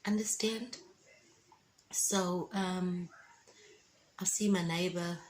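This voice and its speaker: Fervent, slow-talking woman giving testimony. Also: on the low side, a little hiss or hum, rough recording. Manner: fervent, emotional, keeps asking listeners if they understand. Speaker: Christian vlogger giving a testimony. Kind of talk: emotional faith testimony to camera. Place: at home indoors with windows open.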